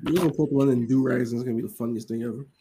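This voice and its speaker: A man's voice: medium pitch, steady tone, very fast, mellow, a little hiss or hum. A man in casual sports chat, blunt and profane.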